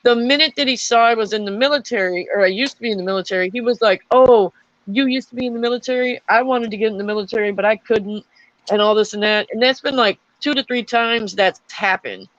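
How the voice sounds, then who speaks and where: Casting: young woman veteran, high voice, chatty storyteller, muffled dry sound. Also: fast talker, no room sound. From Florida. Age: young adult. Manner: rambling storytelling with many fillers. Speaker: army veteran. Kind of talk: casual chat.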